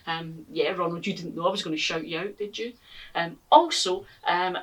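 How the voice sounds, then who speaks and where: A woman's voice: lowish voice, a bit bright, breathy edge, recorded from a distance, low-quality recording. A Scottish woman hosting a gardening vlog, chatting casually and upbeat with plenty of ums. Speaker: gardening channel host. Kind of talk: casual vlog chat to viewers. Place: outdoor garden. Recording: voice from away from the mic.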